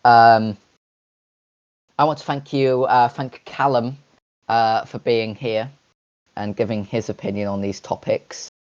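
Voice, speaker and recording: A man co-hosts a casual chat podcast, his delivery halting and full of pauses and restarts. The audio sounds dull and lo-fi. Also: medium pitch, flat delivery, clear, resonant tone. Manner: halting, many fillers and restarts. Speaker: podcast co-host.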